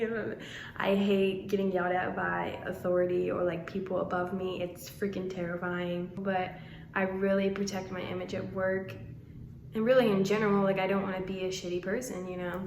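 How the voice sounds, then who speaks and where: A woman in her twenties telling a story to her vlog audience in a chatty, animated way. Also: medium pitch, normal speed, a little hiss or hum. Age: 20s. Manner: chatty, animated, laughing through the retelling. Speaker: vlogger. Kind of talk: casual storytime. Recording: echoey room.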